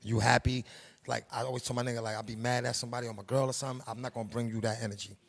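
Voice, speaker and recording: Gravelly New York man, streetwise and preachy. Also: medium pitch, little pitch movement, very fast. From Harlem, New York. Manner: streetwise, preachy, emphatic with slang. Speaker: production company head. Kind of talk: interview, casual monologue.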